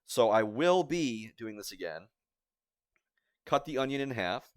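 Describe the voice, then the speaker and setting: A man's voice: mid-range voice, lively intonation, measured pace, smooth, dry recording. A young man casually narrating a live cooking stream from his home kitchen, rambling and self-deprecating with filler words, filmed on a phone on a tripod. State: teary-eyed from onions.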